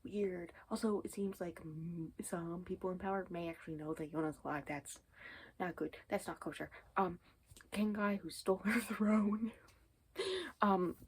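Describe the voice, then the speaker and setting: A woman's voice: lowish voice, steady tone, moderate pace, slightly rough, poor audio. A woman chatting casually in a reading vlog, rambling and often dropping to a whispered aside, with many ums and anyways. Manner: says 'um' and 'anyways' often. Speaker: book vlogger.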